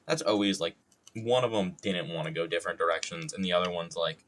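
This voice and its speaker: A man's voice: low voice, fairly even intonation, fairly quick, fairly bright tone. A young adult man streaming casually while wood carving, joking, rambling and swearing freely at his own expense.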